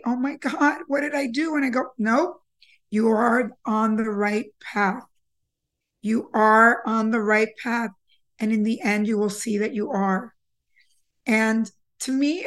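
A middle-aged woman hosting a podcast, telling a personal story in an earnest way, often repeating words as she gathers her thoughts. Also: on the high side. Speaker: podcast host.

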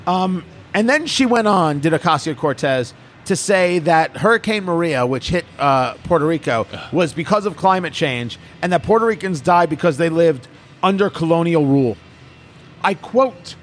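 A man's voice: fairly high pitch, moderate pace, slight background noise. A man hosting an opinionated political talk show, emphatic and mocking. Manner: animated, emphatic, mocking asides.

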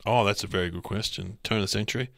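A man's voice: on the low side, gravelly, a bit bright, no echo, studio quality. Jokey Australian man hosting a podcast. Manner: jokey, storytelling, quick to laugh. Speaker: podcast host. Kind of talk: casual chat.

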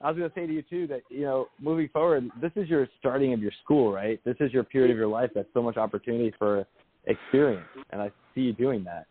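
A man hosting a call-in psychic show, giving readings in a quick, reassuring way and repeating his phrases. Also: medium pitch. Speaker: psychic radio host. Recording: tinny phone line.

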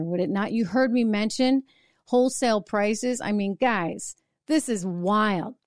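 Female host, opinionated commentary monologue, emphatic delivery, mid pitch, dry studio sound. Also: a little mellow, dry recording. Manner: emphatic, rhetorical asides. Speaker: show host.

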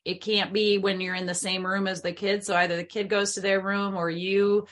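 A woman's voice: medium pitch, flat delivery, normal speed. A woman hosts a parenting podcast. She affirms her guest and then explains her own tips in a plain, instructive way. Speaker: podcast host. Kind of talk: podcast interview.

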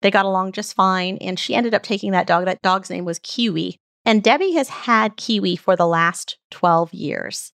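A woman podcast host in a reflective storytelling mode, earnest and heartfelt as she lingers over her stories. Her voice carries a slight vocal fry and sits at an ordinary middle pitch. The recording is close and dry, with no room sound. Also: normal speed, hardly any pauses, fairly bright tone, no echo.

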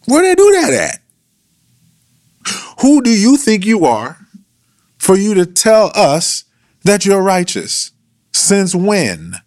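A man's voice: high voice, huge pitch swings, takes it slowly, long pauses, darkish tone, no room sound, clean studio sound, pitched above the performer's own voice, exaggerated voice. A man voicing a brash, streetwise young male challenger who scolds in slangy, confrontational talk.

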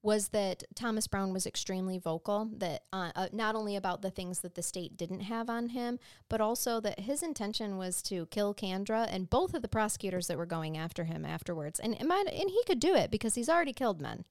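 A woman co-hosting a true-crime podcast, recounting the case in casual chat, with frequent restarts and quick agreement. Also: mid-range voice, expressive, no room sound, clean studio sound. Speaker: podcast co-host.

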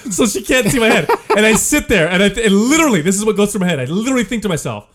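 Profane storytelling man, lively pitch. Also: racing, few pauses, slight background noise. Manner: animated, profane, laughs while telling. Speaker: podcast co-host. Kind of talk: casual storytelling.

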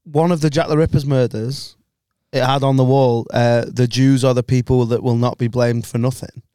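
An English man co-hosting a casual podcast, full of jokey banter and loose swearing. His voice sits at an ordinary middle pitch, caught on a dry, close microphone with no room sound. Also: fairly even intonation, moderate pace, mellow, clear, resonant tone, no echo. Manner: banter-heavy, joking, swears freely. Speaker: podcast co-host. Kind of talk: casual chat.

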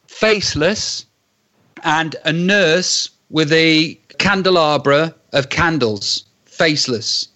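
Man, comic storytelling, fairly high voice, dramatic pauses. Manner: dramatic storyteller, acts out shouts and quotes. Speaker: guest telling a story.

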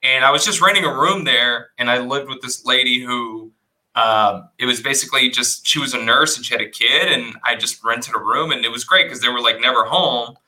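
A man's voice: medium pitch, fairly quick, poor audio. A young man from South Texas, a guest comedian, telling stories in casual chat with many restarts and fillers. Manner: animated storyteller, many likes and restarts.

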